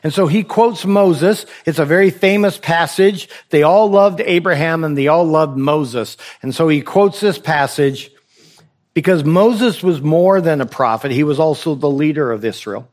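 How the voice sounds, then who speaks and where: In an unhurried, somewhat mellow voice on the high side, the pastor delivers a sermon to his congregation. Repeated phrases and rhetorical questions carry his exhortation and press his point.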